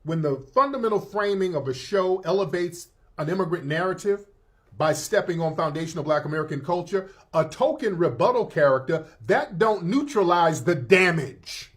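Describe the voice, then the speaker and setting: High-voiced man lecturing emphatically. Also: expressive, moderate pace. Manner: emphatic, lecturing, rhetorical asides. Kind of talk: commentary clip played on stream.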